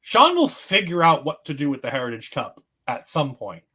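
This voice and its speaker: A man with a high voice recaps eagerly on a podcast. He tells things like a story and slips into quoting others as he goes. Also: moderate pace, slightly rough. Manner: animated storytelling, acts out quotes. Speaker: podcast co-host. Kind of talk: casual wrestling recap chat.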